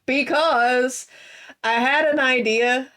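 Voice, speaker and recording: A woman playing a tabletop game, speaking gently and soothingly at a slow pace. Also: sits high, steady tone. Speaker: player.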